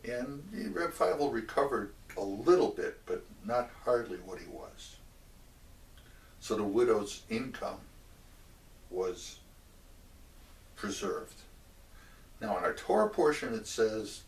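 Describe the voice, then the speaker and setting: A man telling a religious story in a measured way, stopping for asides to the listener. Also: medium pitch, lively intonation. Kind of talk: oral storytelling of a religious tale. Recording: roomy echo, mic at a distance.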